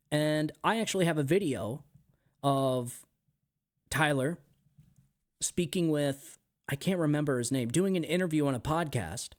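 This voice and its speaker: A man's voice: medium pitch, a little mellow. A man hosting a political commentary show, talking emphatically and repeating his points. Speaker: show host.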